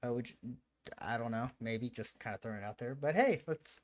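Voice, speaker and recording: A man raised in Italy giving casual, opinionated reaction commentary, animated and quick to laugh. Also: mid-range voice. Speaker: reaction video host.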